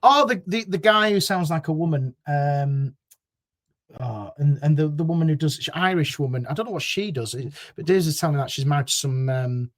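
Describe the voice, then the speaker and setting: Man, higher register, chatty, agreeable football podcast co-host. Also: a little fast. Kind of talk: casual football chat.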